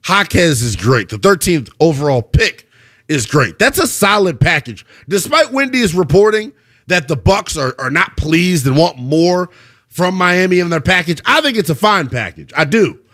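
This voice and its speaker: A man hosting a sports talk radio show, arguing his takes with rhetorical questions and an animated delivery. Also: on the high side, moderate pace.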